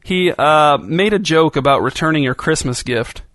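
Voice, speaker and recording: A woman's voice: low voice, normal speed, no echo, clean studio sound, natural voice. A male narrator voicing an anxious, loyal woman friend who speaks hesitantly and defensively in a storybook reading.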